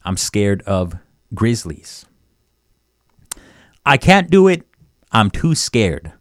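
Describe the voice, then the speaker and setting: A man teaching phrases of a language on a radio show, repeating each word slowly and chuckling between examples. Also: on the low side, sing-song, dry recording, studio quality. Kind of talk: casual language lesson.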